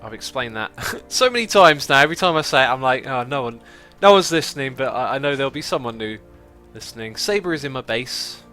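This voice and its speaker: A man's voice: mid-range voice, animated, quick pace, few pauses, pushed and bright, soft background music. A man hosting a gaming livestream, chatting casually, laughing often and reading out donations and chat messages. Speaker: streamer host.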